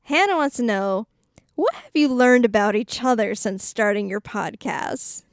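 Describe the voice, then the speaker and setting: A woman's voice: a little high, expressive, a little slow, no echo, studio quality. A woman co-hosting a podcast in casual chat, reading out listener questions, laughing a lot and filling gaps with "um" and "like.". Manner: giggly, reads out listener questions, many fillers. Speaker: podcast co-host.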